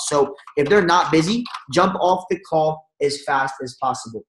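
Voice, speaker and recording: A man giving an energetic sales training talk and acting out phone calls as he coaches his audience. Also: fairly high pitch, moderate pace, hardly any pauses, roomy sound, poor audio. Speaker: network marketing trainer.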